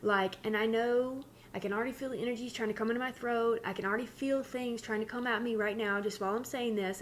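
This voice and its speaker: A woman's voice: medium pitch, slight background noise. Candid rambling woman channeler. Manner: candid, rambling, self-interrupting. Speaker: spiritual channeler. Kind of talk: casual spiritual talk.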